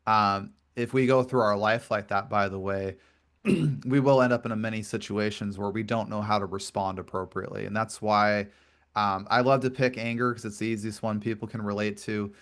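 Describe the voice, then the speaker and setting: Earnest low-voiced man explaining at length. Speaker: podcast host and grief coach. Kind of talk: conversational podcast interview.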